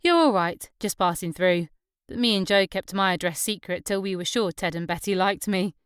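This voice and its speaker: A woman's voice: medium pitch, moderate pace, smooth, no echo, studio quality, close to an everyday voice. A woman voicing a small, cheerful young wife who is chatty and teasing, with a Northumbrian accent.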